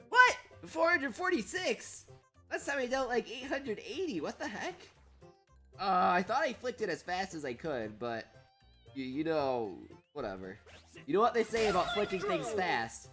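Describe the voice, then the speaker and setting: A man hosting a casual gaming livestream with a stuffed-up nose. He reads out chat names and yells excitedly at the game. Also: on the high side.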